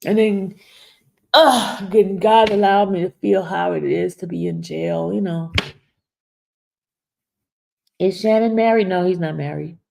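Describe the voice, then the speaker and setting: A woman's voice: fairly low pitch, a little slow, creaky, long pauses, mellow, a little hiss or hum. A woman hosting a live stream, chatting casually and reading viewer comments, emotional and laughing through tears. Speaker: YouTube host.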